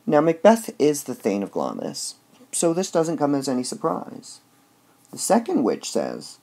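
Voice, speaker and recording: A slightly high, warm male voice swoops through huge pitch swings at an unhurried pace. He reviews a play in a casual lecture, explaining each step with filler words and often saying "all right".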